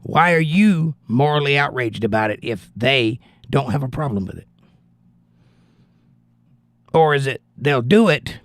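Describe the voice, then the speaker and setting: A man's voice: mid-range voice, a bit bright, no room sound, studio quality. A man hosting a live stream, giving blunt, opinionated political commentary in a casual chat style and answering viewers. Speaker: livestream host reading chat.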